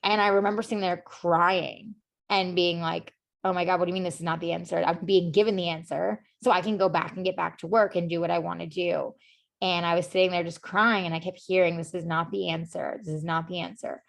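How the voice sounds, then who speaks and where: Her fairly low, creaky voice keeps a fairly even intonation and a brisk pace. As a podcast guest, she opens up earnestly about her personal story in conversation, leaning heavily on fillers like "like" and "you know."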